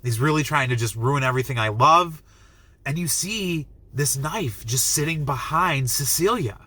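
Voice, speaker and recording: A man recapping a film's plot in a casual, excitable review, acting out the characters' lines with lots of fillers and restarts. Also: mid-range voice, moderate pace, slightly rough. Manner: excitable, acts out quotes, many likes and restarts. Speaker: movie reviewer.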